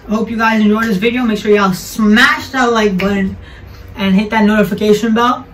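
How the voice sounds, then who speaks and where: A man's voice: sits high, far from the mic, a little hiss or hum, poor audio. A young man chatting casually as a sneaker vlogger, slangy and correcting himself as he goes.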